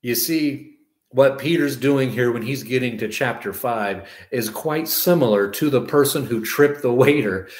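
Animated male preacher in an echoey room. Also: mid-range voice, a little slow. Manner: animated storytelling with acted-out voices. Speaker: pastor. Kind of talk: sermon.

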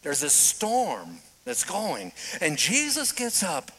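Male preacher, lively sermon storyteller, bright voice that swings all over. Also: sits high, breathy edge. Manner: animated storytelling, dramatic pauses.

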